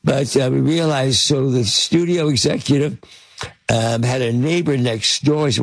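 A man's voice: medium pitch, normal speed, creaky, no echo. An older man, a film producer, telling rambling anecdotes in an interview with many fillers and restarts. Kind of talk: casual anecdotal storytelling.

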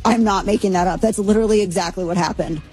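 A woman's voice: mid-range voice, steady tone, quick pace, darkish tone, faint music behind. A woman hosting a radio talk show, rambling through news items in a casual, chatty way, with many fillers and asides.

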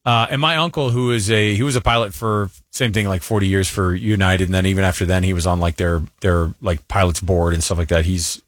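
A man's voice: low voice, fairly quick, few pauses, dry recording, clean studio sound. A man in his forties co-hosting a radio show, telling rambling stories in casual chat and acting out other people's voices. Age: 40s. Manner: rambling, animated storyteller who acts out voices.

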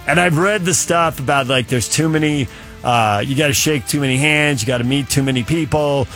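A man's voice: mid-range voice, a little fast, fairly bright tone, faint music behind. A middle-aged man hosting sports talk radio, rambling through opinions and a long story. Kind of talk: casual sports talk monologue.

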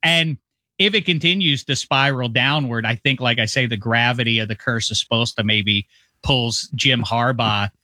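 Bright-voiced rambling football analyst man. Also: mid-range voice, no room sound. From Midwest. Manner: rambling, self-mocking, quick asides. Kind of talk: casual sports radio chat. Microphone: video call.

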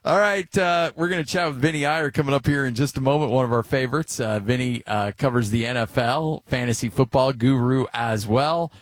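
A man's voice: mid-range voice, fairly quick, few pauses, no echo. A middle-aged man hosting a sports talk show, telling stories in a casual, rambling way with lots of filler words. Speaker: sports radio host.

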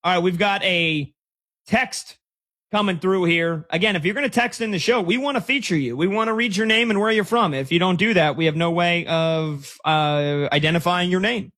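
A man hosting a sports talk show, excitedly reacting to a live game and reading listener texts. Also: sits high. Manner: excitable, rapid, breaks into shouts. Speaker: sports radio host.

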